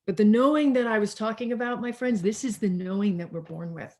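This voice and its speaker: A woman's voice: medium pitch, mellow. Reflective woman minister preaching over video call. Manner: slow, reflective, with many restarts and pauses. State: tired.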